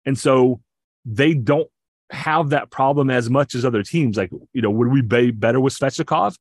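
On a podcast, a man with a mid-range, breathy-edged voice talks sports at a moderate pace in a casual way. He explains enthusiastically and at length, stammering through restarts, captured in a dry recording with clean studio sound.

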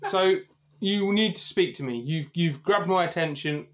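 A busy older scientist, as a man puts him on, talking fast and getting straight to business in a tabletop game. His voice stays close to an everyday speaking voice. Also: on the high side, slight background noise, natural voice. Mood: brisk. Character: older male lab scientist, brisk and busy.

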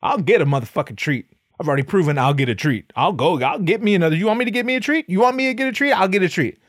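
A man's voice: fairly high pitch, lively intonation, normal speed, slightly rough, no echo. Man playing a stir-crazy artist husband, pushy, profane, wheedling, dry sound. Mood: defiant.

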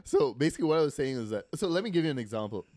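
A man's voice: mid-range voice, sing-song, racing, a little mellow, no echo. Young male guest from India, rambling storyteller, dry close sound. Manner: rambling storyteller, many fillers. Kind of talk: casual podcast chat.

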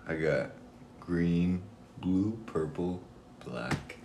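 A man's voice: sits low, extremely slow, a little mellow. A young man guesting on a casual podcast, joking and easygoing in his banter. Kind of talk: casual chat. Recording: echoey room with faint noise.

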